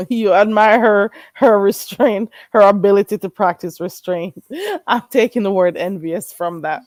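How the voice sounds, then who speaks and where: A woman's voice: medium pitch, unhurried, darkish tone, dry recording. A woman who is not a native English speaker, co-hosting a casual chat and hesitantly searching for her words.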